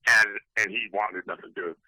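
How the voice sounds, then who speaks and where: A man's voice: fairly low pitch, fairly even intonation, quick pace, sharp tone, rough recording. A middle-aged man, a guest on a podcast, talking heatedly and profanely with many restarts. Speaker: guest, retired fighter. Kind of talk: podcast interview.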